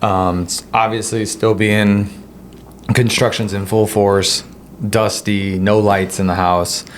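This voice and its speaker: A man with a very low voice co-hosts a relaxed kitchen-table podcast. He tells stories in a loose, rambling way, full of fillers and restarts, with a faint hum of room noise behind him. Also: slow. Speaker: podcast co-host. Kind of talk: casual storytelling chat.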